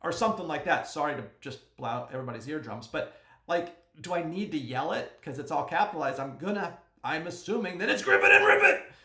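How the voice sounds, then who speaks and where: A man hosting a casual fantasy sports podcast, chatty and joking, sometimes bursting into a yell. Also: on the high side, animated, brisk, echoey room. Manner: chatty and joking, with sudden yells. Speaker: podcast host.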